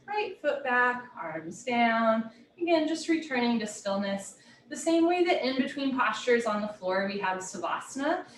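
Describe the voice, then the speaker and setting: Woman calling yoga cues in a roomy space. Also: on the high side. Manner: brisk clipped posture cues, light and playful. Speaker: yoga teacher. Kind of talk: live yoga class instruction. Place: home room. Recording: roomy echo, heard from a distance.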